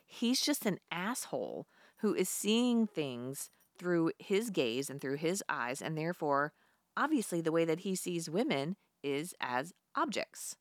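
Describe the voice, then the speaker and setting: A woman co-hosting a casual chat, blunt and animated, swearing freely. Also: deep voice, a little slow, no echo, clean studio sound. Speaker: podcast co-host.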